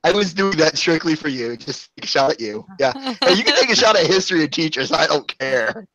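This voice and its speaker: A man's voice: a little high, animated, a little fast, sharp tone, dry recording. A young man hosting a casual group video chat, joking and rambling with frequent laughs. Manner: jokey, rambling, laughs often. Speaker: host. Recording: muffled lo-fi audio.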